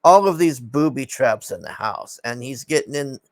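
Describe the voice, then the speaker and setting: A man's voice: medium pitch, lively intonation, moderate pace, a little mellow, no echo. A man casually recapping a film in a rambling, exasperated way, swearing often and sighing.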